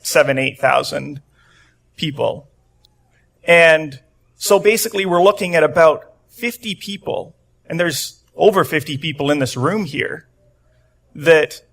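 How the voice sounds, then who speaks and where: A young man preaching a casual, conversational sermon to a room of people, acting out the quotes he reads. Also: a bit bright. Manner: conversational, acts out quotes with rising pitch. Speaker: pastor. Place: church room with a congregation.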